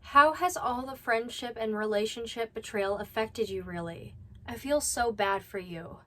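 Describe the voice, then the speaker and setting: A woman's voice: a little high, moderate pace, sharp tone, soft background music. Blunt scolding woman commentator. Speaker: commentary host. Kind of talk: reaction commentary.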